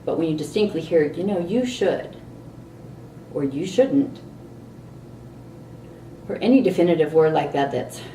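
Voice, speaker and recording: A middle-aged woman vlogging a candid personal story, animated and exasperated at times. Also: low voice, normal speed, pauses often, slight background noise. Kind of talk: personal reflective monologue. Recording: roomy echo, distant mic, faint ambience.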